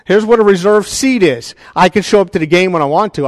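A man preaching a sermon as a pastor, animated and conversational, with joking asides to the congregation. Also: high-pitched, a little fast, few pauses, no echo, studio quality, long reverb tail.

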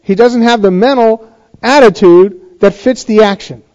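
A man's voice: sits high, measured pace, a little mellow, dull audio. A male pastor giving a sermon in a chatty, conversational way, often restarting his sentences.

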